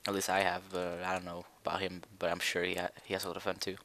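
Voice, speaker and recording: A man's voice: deep voice, completely flat delivery, fast talker, bright, forceful tone, slight background noise. A young man chatting casually while he plays a building game, rambling and hesitant with many fillers. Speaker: gaming video creator. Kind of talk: casual Minecraft commentary.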